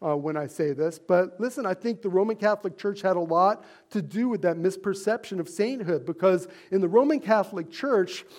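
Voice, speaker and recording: High-voiced earnest male pastor. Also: fairly quick, hardly any pauses, darkish tone. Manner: earnest, conversational preaching with fillers and rhetorical questions. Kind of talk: sermon.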